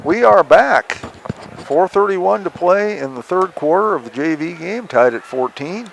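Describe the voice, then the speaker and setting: A man's voice: sits high, animated, unhurried, vocal fry. A man doing easygoing, joking play-by-play commentary on a basketball webcast. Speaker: play-by-play announcer. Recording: noisy gym webcast. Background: gym ambience, ball bouncing.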